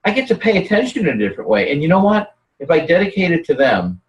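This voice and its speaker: Animated rambling man, distant and roomy. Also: a little high, quick pace, muffled recording. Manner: rambling, animated storytelling with many restarts. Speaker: guest. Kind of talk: casual conversational chat.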